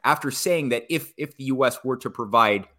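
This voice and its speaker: A male guest giving political commentary in conversation, rambling with frequent restarts and animated asides. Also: mid-range voice, normal speed.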